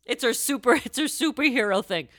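Animated woman with a bright voice. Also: a little high, a little fast, no echo, studio quality. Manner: animated, bursts into loud shouted voices and laughs. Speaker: podcast co-host. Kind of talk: casual chat.

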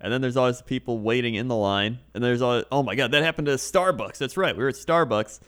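A man's voice: medium pitch, quick pace, fairly bright tone. A man co-hosting a casual chat podcast, telling anecdotes with laughs and put-on voices. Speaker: podcast co-host.

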